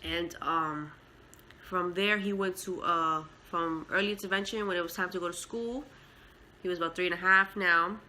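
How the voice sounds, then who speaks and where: Mother telling her story to camera, heartfelt and emotional, bright voice, lots of fillers. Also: fairly low pitch, normal speed, a little hiss or hum, poor audio. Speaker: mother and vlogger. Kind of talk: casual storytelling vlog.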